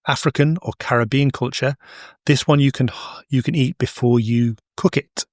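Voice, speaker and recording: A man's voice: medium pitch, no echo, studio quality. A middle-aged man hosting a casual educational podcast, chatty and digressive with anecdotes. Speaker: podcast host, horticulture expert.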